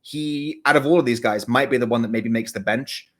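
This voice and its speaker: A man co-hosting a relaxed podcast, his voice sitting at an average pitch. He rambles, doubles back on his words and breaks into laughs often. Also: brisk. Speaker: podcast co-host. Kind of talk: casual chat about soccer betting.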